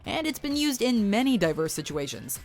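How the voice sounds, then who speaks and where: A woman's voice: mid-range voice, very animated, a little fast, soft background music. A woman narrating a scripted countdown video with wry, playful commentary.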